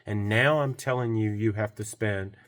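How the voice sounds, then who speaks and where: A man with a somewhat low voice tells a story from his repair shop, rambling and casual. He trails off, restarts, and slips into quoted voices as he goes. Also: moderate pace, a bit bright. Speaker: golf cart repair technician.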